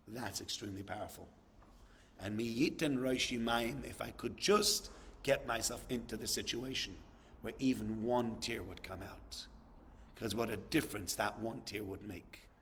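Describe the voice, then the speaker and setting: A man's voice: mid-range voice, a bit bright. A man giving a sermon, telling a story and rising to impassioned emphasis. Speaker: rabbi giving a talk.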